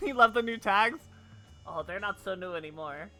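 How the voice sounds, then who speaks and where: A woman's voice: mid-range voice, normal speed, sharp tone. A woman livestreaming a game, chatting with her viewers and laughing easily. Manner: chatty, giggly, answers chat. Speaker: streamer. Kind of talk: casual live game stream. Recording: faint game music behind.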